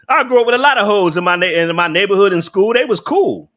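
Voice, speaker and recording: A man's voice: high voice, animated, a little fast, fairly bright tone. A young adult man, casually ranting on a live stream, blunt and profane, laughing often and talking back to his chat.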